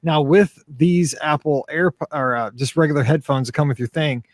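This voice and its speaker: Here a middle-aged man co-hosting a podcast keeps the casual conversation loose, meandering and self-mocking. He talks at a moderate pace in a fairly high, steady voice, recorded with studio quality and no echo.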